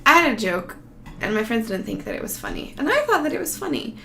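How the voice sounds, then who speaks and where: A woman's voice: fairly high pitch, big pitch swings, quick pace, creaky. A woman talking in a loose, meandering, profane way, giggling as she vlogs casually to her viewers. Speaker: vlogger. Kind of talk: casual rambling monologue. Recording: roomy echo, faint background noise.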